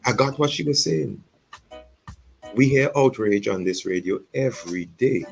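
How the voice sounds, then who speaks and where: A man's voice: medium pitch, animated, measured pace, vocal fry, a little mellow, soft background music, rough recording. A man who is a pastor, speaking earnestly on a radio show, reflecting aloud and repeating his words as he publicly apologizes. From St Vincent and the Grenadines. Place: radio studio.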